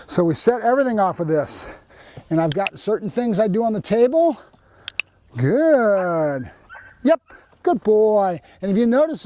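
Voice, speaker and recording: A man's voice: high voice, a little mellow. A man working as a dog trainer, giving a hands-on training demonstration in a plain-spoken, instructional way, wearing a lapel mic.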